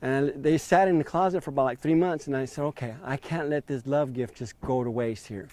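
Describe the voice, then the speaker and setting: A man's voice: medium pitch, brisk, a little mellow. A man in his fifties telling his story in an interview, acting out quoted dialogue with a raised voice. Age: 50s.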